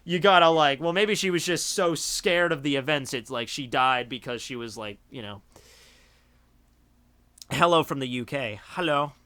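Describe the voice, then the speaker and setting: Bright-voiced young man rambling on stream. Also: a little high, moderate pace, clean tone. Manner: rambling, heavy on "like" fillers. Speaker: streamer host. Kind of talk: casual chat on a livestream.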